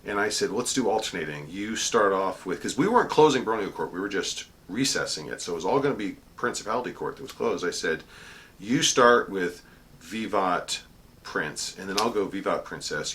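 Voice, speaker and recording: A middle-aged man, a court herald, chatting casually about an event, with fillers and restarts. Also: bright, forceful tone. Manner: booming formal proclamation when quoting court cries. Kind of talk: casual storytelling monologue.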